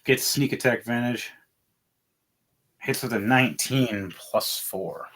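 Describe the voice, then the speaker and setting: A man running a tabletop game as game master, narrating with animated, laughing energy. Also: mid-range voice, a little slow, heavy background noise.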